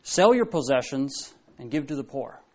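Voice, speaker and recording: A man's voice: mid-range voice, big pitch swings, moderate pace, a little mellow. A man preaching a sermon to a congregation, talking in a conversational way, asking questions and often restarting his sentences.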